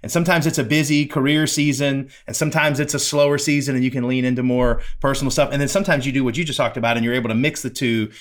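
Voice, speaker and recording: A man hosting a podcast, asking questions in a relaxed, rambling conversational way. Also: mid-range voice, fast, hardly any pauses. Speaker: podcast host. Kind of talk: casual interview conversation.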